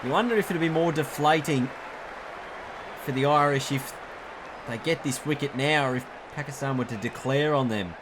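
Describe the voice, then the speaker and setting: A man calls a cricket video game play by play, his voice at an everyday middle pitch. He is chatty, corrects himself as he goes, and jumps up in excitement at big moments. A clear, steady noise runs behind the recording. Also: moderate pace, crowd noise. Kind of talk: play-by-play sports commentary.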